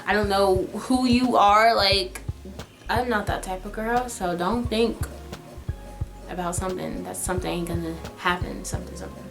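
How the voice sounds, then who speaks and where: A woman's voice: medium pitch, moderate pace, vocal fry, over music. Chatty young woman telling a story. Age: young adult. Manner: chatty, dramatic, heavy use of "like". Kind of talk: casual storytime.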